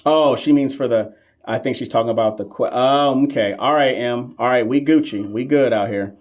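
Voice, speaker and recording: A man's voice: mid-range voice, normal speed, darkish tone. A man tutoring nursing exam questions on a live stream, playful and sassy, talking back to viewers' comments with slang and repeated emphasis. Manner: slang-heavy, emphatic repetition.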